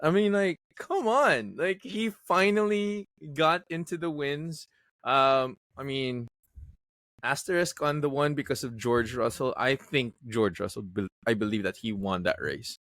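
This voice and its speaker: A man's voice: mid-range voice, measured pace, fairly bright tone, dry recording. A man co-hosting a casual podcast chat, talking emphatically with frequent fillers. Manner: emphatic, bold predictions, many fillers. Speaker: podcast co-host.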